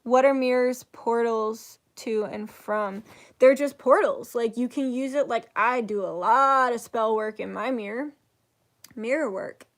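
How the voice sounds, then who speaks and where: A young woman chatting casually on her vlog, rambling with lots of "like", rising to loud, emotional bursts. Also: a little high, a little slow. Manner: rambling, says "like" a lot, gets loud and emotional while retelling. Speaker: spiritual vlogger. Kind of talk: casual chat.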